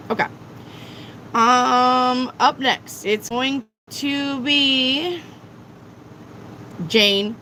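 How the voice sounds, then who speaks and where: A woman's voice: sits high, drawn-out words, pauses often, bright, forceful tone, a little hiss or hum, rough recording. A woman tarot reader on a live stream, lecturing her viewers bluntly and swearing often.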